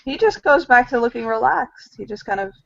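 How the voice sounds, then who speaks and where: A woman's voice: a little high, lively intonation, brisk, creaky, a little hiss or hum. Hesitant woman game master. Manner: hesitant, many ums while describing. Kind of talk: narrating a tabletop game. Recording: dull lo-fi recording.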